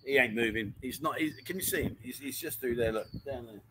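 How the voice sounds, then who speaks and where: Against a noisy background, a livestream chat show host talks fairly quickly in a mid-range voice. He's broadcasting casually from his home in Pattaya, reading out viewers' comments and, friendly as ever, calling everyone mate.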